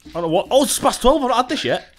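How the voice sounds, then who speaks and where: A young man from Britain playing a video game with friends, excitable and laughing, swearing often as he talks on a headset. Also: very high-pitched, very fast. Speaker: gaming YouTuber. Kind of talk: casual gaming chat with friends.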